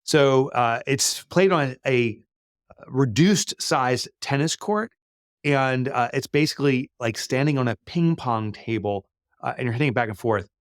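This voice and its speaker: Middle-aged man, mid-pitched, loose and talky with lots of "uh"s, recorded close and dry. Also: measured pace, dry recording. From United States. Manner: chatty, frequent fillers and restarts. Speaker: guest, business author. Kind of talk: conversational interview answers.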